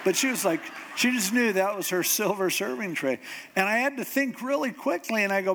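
A man's voice: sits high, brisk. A middle-aged man preaching a humorous sermon, telling stories and acting out the voices of the people he quotes. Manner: animated storytelling, acts out quoted voices. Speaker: pastor.

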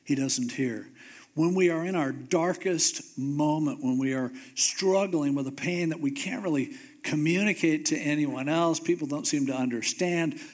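A man pastor giving a conversational, humorous sermon, slowing down for emphasis. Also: fairly high pitch, darkish tone.

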